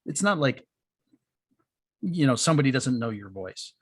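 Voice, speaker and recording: A man hosting a podcast, warmly affirming his guest before asking his next question. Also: mid-range voice, sing-song, normal speed, slightly rough, no room sound. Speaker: podcast host. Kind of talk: interview chat.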